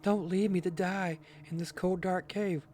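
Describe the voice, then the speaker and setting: A man putting on a pleading high grandma voice. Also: fairly even intonation, unhurried, a little mellow, a little hiss or hum. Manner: high wavering falsetto. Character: fussy old grandmother pleading.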